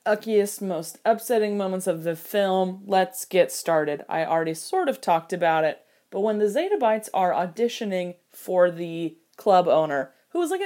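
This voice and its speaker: A woman giving casual film commentary, animated and jokey, with mock outrage and quick impressions of characters. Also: medium pitch. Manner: quoting characters in quick put-on voices. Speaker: film reviewer.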